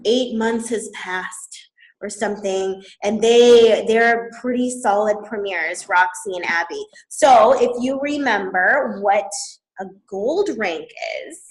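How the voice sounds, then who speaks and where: A woman, a network marketing leader, explaining business strategy in an animated way, laughing often. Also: mid-range voice, takes it slowly, reverberant, poor audio.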